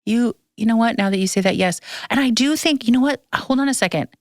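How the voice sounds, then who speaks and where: A slightly high, fast female voice comes through dry and clean on a podcast microphone in the studio. The thirtysomething host chats casually, rambling through stories with emotion and tears.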